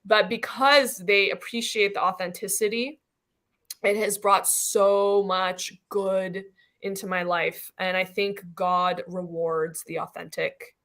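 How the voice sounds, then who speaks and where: A middle-aged woman from Iran speaks as a physician guest on a panel, her voice bright and forward. She tells her stories animatedly, sprinkling her talk with "like" and casual asides. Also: medium pitch, slow pace. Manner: animated storytelling, many "like" fillers.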